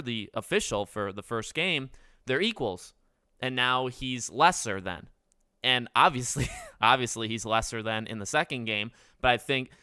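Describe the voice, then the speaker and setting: A man's voice: mid-range voice, pushed and bright, smooth, dry recording, studio quality. A man in his twenties hosting a casual livestream, chatting with viewers in a rambling, self-correcting way. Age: 20s. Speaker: livestream host.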